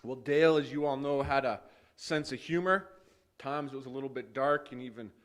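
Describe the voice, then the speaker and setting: A man speaking as pastor at a memorial service, telling stories of a friend with light laughter, then leading a hushed prayer. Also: mid-range voice, brisk. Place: funeral service hall.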